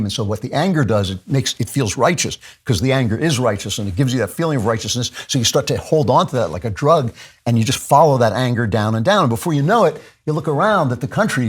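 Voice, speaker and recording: A man's voice: mid-range voice, husky. A man hosting a podcast, delivering an impassioned monologue with fervent repetition and frequent restarts. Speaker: podcast host.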